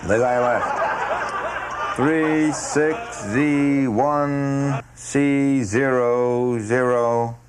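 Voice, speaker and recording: An actor playing a deadpan, unflappable office worker in his fifties, answering with dry, literal replies in a comedy script reading. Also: mid-range voice, extremely slow. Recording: noisy background.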